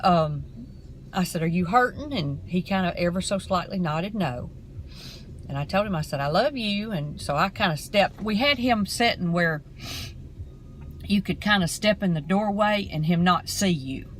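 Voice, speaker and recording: A middle-aged woman, talking casually to camera from her car in an earnest, rambling, halting way. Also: on the low side, slight background noise, poor audio. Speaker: vlogger.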